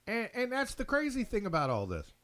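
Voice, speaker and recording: A man's voice: high voice, huge pitch swings, fairly quick, fairly bright tone. A man hosting his own show, ranting opinions in a blunt, profane monologue, stumbling and repeating words. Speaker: show host.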